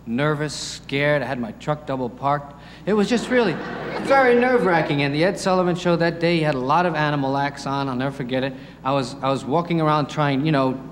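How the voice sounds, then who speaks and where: A male stand-up comedian telling stories with many chatty asides. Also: a little high. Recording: roomy hall with faint noise.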